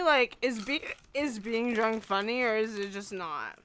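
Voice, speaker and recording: A woman's voice: fairly high pitch, expressive, a little slow, a bit bright, a little hiss or hum. A young woman co-hosting a comedy podcast, tipsy and hiccuping, rambling and giggly in casual chat. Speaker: podcast co-host.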